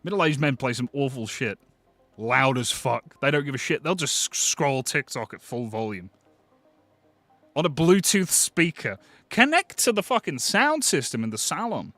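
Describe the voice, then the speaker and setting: A British man hosting a live stream, chatting casually with viewers, excitable and swearing freely. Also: mid-range voice, moderate pace, dry recording, faint music behind. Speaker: livestream host.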